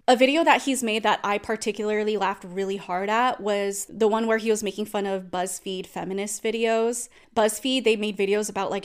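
Animated young woman telling a story. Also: mid-range voice, clear, resonant tone. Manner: animated, acts out quoted lines. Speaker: neurodivergent coach and vlogger. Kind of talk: casual storytelling to camera.

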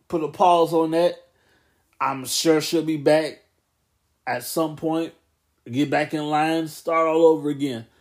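A man's voice: fairly high pitch, darkish tone. A man in his late twenties hosting a casual solo wrestling podcast, rambling loosely and correcting himself as he goes. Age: 20s. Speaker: podcast host.

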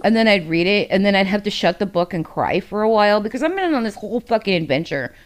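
A woman's voice: mid-range voice, animated, fast. A woman co-hosting a podcast, chatting casually and emotionally about books, swearing freely and rambling with fillers. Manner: candid, emotional and heavy on profanity. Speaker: podcast co-host. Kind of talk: casual book discussion.

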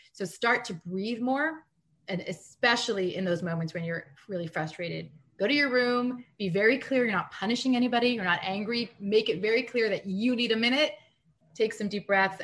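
A woman in a casual live-streamed chat, giving practical parenting advice with quick laughs. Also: mid-range voice, fairly bright tone. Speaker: guest parenting coach.

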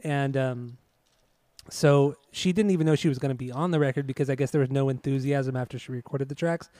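A man on a podcast telling a story in a loose, rambling way, full of hesitations and the odd curse. His tone is mellow and mid-pitched. The recording is dry and close. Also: fairly even intonation, fairly quick, no room sound. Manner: rambling, hesitant, profane, many fillers. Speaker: podcast co-host. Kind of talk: casual chat, recounting music history.

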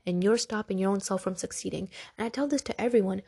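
A woman talks straight to her listeners in a podcast, earnest and pressing, stacking short repeated phrases. Her voice is warm and mellow with a breathy, husky edge. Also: medium pitch, quick pace, few pauses. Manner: earnest, repetitive, exhortative. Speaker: podcast host. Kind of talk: motivational religious podcast talk.

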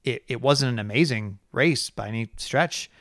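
A man's voice: mid-range voice, moderate pace, no echo, studio quality. A man co-hosting a racing podcast, ranting in casual chat and exasperated as he mocks other people's views. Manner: animated, exasperated, mocks others in quoted voices. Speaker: podcast host.

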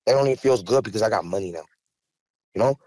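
A man's voice: on the low side, fast, warm tone, dry recording. A man, speaking raw and profane in an emotional podcast interview. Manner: raw, angry, profane, rising to heated outbursts. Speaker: rapper and podcast guest. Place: podcast studio.

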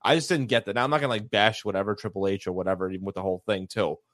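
A man with a lowish voice talks fast and loosely in a casual wrestling chat, piling up fillers and restarts. The sound is dry and close. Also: steady tone, fairly bright tone, no room sound. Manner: rambling, filler-heavy, laughs often. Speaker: podcast co-host.

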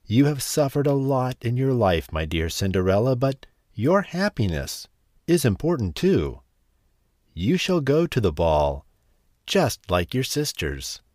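A man voicing a kind old fairy godmother in a storybook, talking in a gentle, reassuring way. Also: mid-range voice, very animated, measured pace, no echo, clean studio sound. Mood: kindly.

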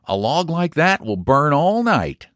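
A man's voice: a little high, sing-song, fairly bright tone, no room sound, clean studio sound, voice pushed up. Man doing a drawling, self-assured young man. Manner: slow, assured, emphatic. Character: confident young man hosting, drawling, sure of himself.

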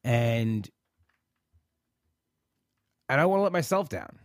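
A frustrated man hosting a live podcast vents in a rambling, halting way, starting over and repeating himself. His voice sits in a middle pitch. It is recorded dry, with no room echo. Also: sing-song. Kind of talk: emotional live talk.

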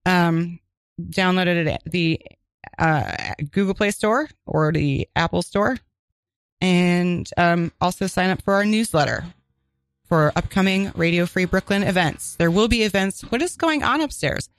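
A woman co-hosting a community radio crime show, chatting casually and reading announcements with quick asides. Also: lowish voice, no room sound. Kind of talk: casual chat and on-air announcements. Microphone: studio microphone.

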